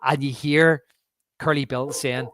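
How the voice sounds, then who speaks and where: A man's voice: medium pitch, steady tone, measured pace, a bit bright, a little hiss or hum. A man co-hosting a podcast, chatting casually and eagerly about a film scene by scene and quoting its lines. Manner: enthusiastic, quotes lines from the film. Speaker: podcast co-host. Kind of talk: casual movie review chat.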